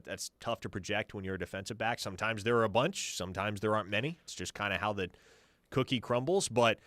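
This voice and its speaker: Low-voiced confident sports radio host. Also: male voice, fairly bright tone, dry recording. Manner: confident, reads listener questions and answers them. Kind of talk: sports talk radio analysis. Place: radio studio.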